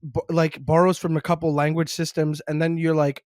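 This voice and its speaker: Animated young Montreal comedian. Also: male voice, fairly high pitch, fairly quick, hardly any pauses, clean tone, no echo, clean studio sound. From Montreal, Quebec. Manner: animated, jokey storytelling. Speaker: stand-up comedian, guest. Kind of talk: casual podcast chat.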